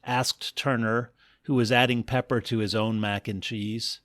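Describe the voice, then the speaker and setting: A man telling a comic first-person story in a wry, deadpan manner. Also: lowish voice, measured pace, hardly any pauses, no room sound, studio quality. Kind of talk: scripted comic narration.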